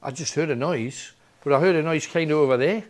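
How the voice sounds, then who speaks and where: A man with a voice on the high side talks a little fast. As host of a nighttime ghost hunt in an old building, he persistently calls out questions to spirits, starting out coaxing and ending up demanding.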